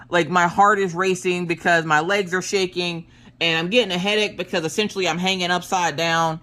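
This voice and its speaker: A woman in her thirties chatting casually while she works on a craft project, telling family stories in an animated way. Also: on the low side, a little fast. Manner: animated storyteller, acts out family quotes. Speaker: crafting vlogger. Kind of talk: casual chat while diamond painting.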